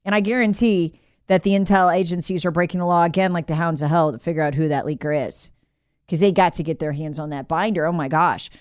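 A woman's voice: on the low side, fast, clean tone, no room sound, clean studio sound. A woman hosting a political commentary show, talking in a sarcastic, opinionated way. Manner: sarcastic, mocks figures in put-on voices.

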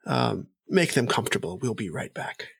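A man's voice: medium pitch, expressive, moderate pace, gravelly, husky, exaggerated voice. A man voicing a foppish male elf noble with polished, courtly manners.

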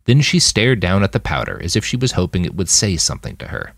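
A man narrating his own fiction podcast in an expressive, scripted reading. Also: deep voice, fast talker, vocal fry, no echo, studio quality.

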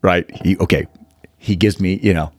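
Deep-voiced animated storyteller man. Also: normal speed. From Utah. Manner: animated, acts out quotes in the story. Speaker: guest, fund manager. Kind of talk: storytelling interview.

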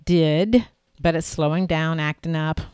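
A woman's voice: low voice, measured pace, darkish tone, clear, resonant tone, no room sound. A woman voicing a playful, charming young man who teases in mock-archaic speech.

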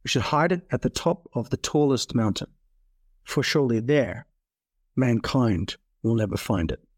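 A man's voice: mid-range voice, expressive, moderate pace, no room sound, studio quality, lightly acted. Eager naive man, as a storyteller puts him on.

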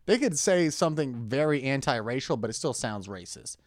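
Laid-back comedian man, lively voice. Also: mid-range voice, brisk, no room sound, studio quality. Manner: laid-back, trails off, acts out voices in his stories. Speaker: podcast co-host, stand-up comedian. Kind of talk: crude comedic banter.

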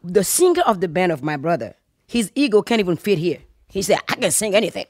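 Animated storyteller woman, wide pitch swings. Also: fairly quick, no room sound. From Congo. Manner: animated, laughing, acts out voices in anecdotes. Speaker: guest. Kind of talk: casual storytelling.

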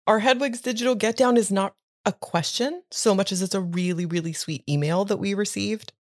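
A woman's voice: mid-range voice, a little fast, dry recording, clean studio sound. A woman co-hosting a podcast in casual chat, recapping chapters, swearing and laughing often. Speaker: podcast co-host.

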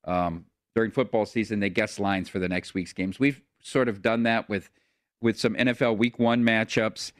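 A man's voice: lowish voice, steady tone, moderate pace, no room sound, clean studio sound. A man hosting a casual sports betting chat, easygoing as he leads the segments. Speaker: sports betting show host.

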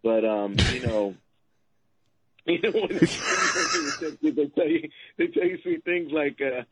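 A man's voice: on the high side, takes it slowly, noisy background. A middle-aged man appearing as a guest on a talk radio show, telling rambling, laughing stories about his family and acting out their voices. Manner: rambling storyteller, laughs often, acts out family members. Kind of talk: casual talk radio chat.

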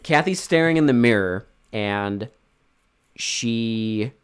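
A man's voice: fairly low pitch, lively intonation, slow pace, clear, resonant tone. A man co-hosting a podcast, recapping a film in casual chat, rambling and swearing, with frequent restarts. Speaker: podcast co-host. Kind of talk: casual movie review chat.

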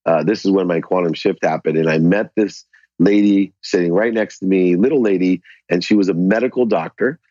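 A man being interviewed as a podcast guest, animated as he tells a story and acts out the dialogue. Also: low voice, brisk, dry recording, muffled recording.

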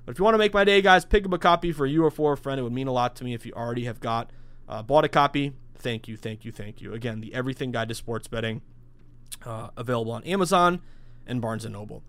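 A man in his thirties hosting a sports betting podcast alone, talking in a hyped, salesy rush with sudden loud bursts. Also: medium pitch, no echo. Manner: hyped, salesy, rapid-fire with bursts of shouting. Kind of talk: solo podcast monologue.

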